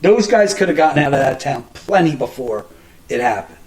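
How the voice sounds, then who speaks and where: This New Jersey podcast host, a middle-aged man, speaks briskly and expressively in a fairly high, somewhat dark voice. He tells meandering stories in a casual monologue, swearing a lot and frequently starting over mid-sentence with plenty of fillers. The recording quality is low.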